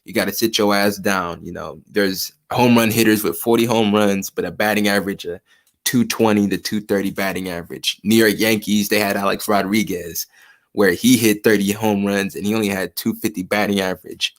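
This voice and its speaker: Man, casual host, low voice, rambling, swears freely. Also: steady tone, a little fast. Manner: rambling, uses sports comparisons, swears casually. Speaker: host, real estate investor. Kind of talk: casual chat.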